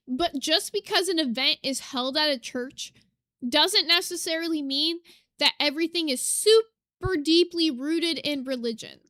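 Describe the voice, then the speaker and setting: A woman's voice: sits high, sharp tone, no room sound, studio quality. A woman giving blunt, profane reaction commentary on a video, ranting at what she hears. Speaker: reaction streamer.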